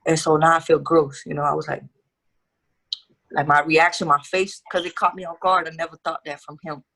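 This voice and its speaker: A woman's voice: low-pitched, level tone, a little fast, bright, forceful tone. A young woman guest telling her life story in a casual interview, candid and profane with street slang.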